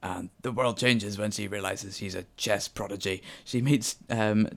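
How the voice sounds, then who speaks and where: Gravelly low-voiced man reviewing a film. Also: fairly even intonation, unhurried. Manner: chatty and hesitant, with many ums and restarts. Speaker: film reviewer on a local podcast.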